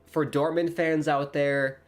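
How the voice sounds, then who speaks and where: A man hosting a live football watchalong stream in an early-morning voice, chatting with viewers and rising excitedly on the play-by-play. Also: a little high, slow pace. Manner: chatty, rises excitedly on play-by-play, talks to chat. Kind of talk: casual live match commentary.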